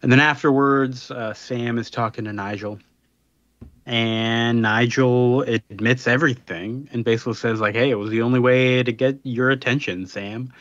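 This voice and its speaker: A man's voice: medium pitch, normal speed, no room sound. Male podcast co-host, laid-back rambling recap, dry and slightly dull mic sound. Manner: relaxed, rambling with many fillers. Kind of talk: casual chat, recapping a comic.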